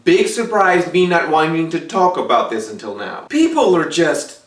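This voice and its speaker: A man's voice: a little high, big pitch swings, moderate pace, distant mic. A man from Texas giving a blunt, profane, darkly joking confessional monologue to the camera. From Texas, USA. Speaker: vlogger. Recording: roomy echo, away from mic.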